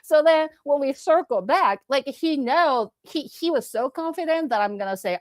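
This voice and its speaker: Young woman chatting on a podcast, bit high voice, dry close sound, lots of "like", acts out what people said. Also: animated, normal speed, few pauses, dry recording. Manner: storytelling, switching between English and Japanese; frequent "like" fillers, acts out quoted dialogue. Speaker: podcast co-host. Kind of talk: casual bilingual chat.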